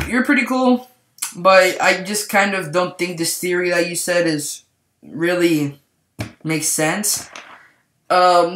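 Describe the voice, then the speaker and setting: A man's voice: high voice, sharp tone. A man giving a casual spoken movie review, rambling and saying "like" constantly. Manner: rambling, heavy use of "like". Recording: echoey room.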